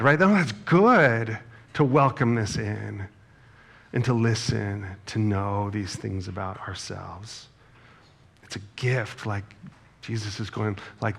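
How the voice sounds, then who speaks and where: Gravelly low-voiced man preaching casually. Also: slow pace, a bit bright. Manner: conversational, self-deprecating storytelling with frequent "right?". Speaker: pastor. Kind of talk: sermon. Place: church sanctuary.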